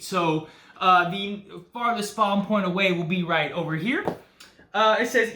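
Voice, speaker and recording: A man hosts a casual board game video and explains the rules as he goes. His voice is high and bright, and he talks in a chatty way with many fillers. The room around him is echoey. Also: moderate pace. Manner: chatty, says guys and uh often. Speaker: board game channel host. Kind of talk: casual solo playthrough talk.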